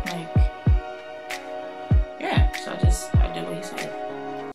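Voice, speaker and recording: A young adult woman talking in a casual storytime vlog, dramatic and animated, laughing things off and acting out what people said. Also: fairly high pitch, a little slow, pauses often, over music. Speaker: vlogger.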